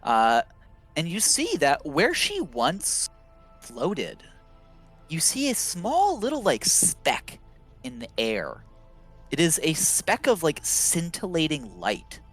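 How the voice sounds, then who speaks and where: A man running a tabletop game as game master, narrating slowly with many fillers and pauses. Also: on the high side, wildly swooping pitch, a bit bright, soft background music. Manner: slow, halting narration with fillers.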